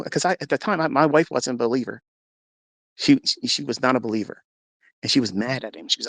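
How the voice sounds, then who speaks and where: Man, gravelly voice, emotional testimony, earnest storyteller, mid pitch. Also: quick pace, no room sound. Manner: earnest storytelling, acts out dialogue. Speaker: speaker sharing a testimony.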